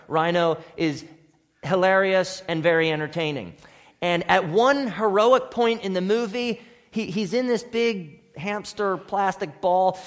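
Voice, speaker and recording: A middle-aged man preaching a sermon as pastor, earnest and conversational, asking his listeners questions. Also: high-pitched. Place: church sanctuary. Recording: reverberant church hall.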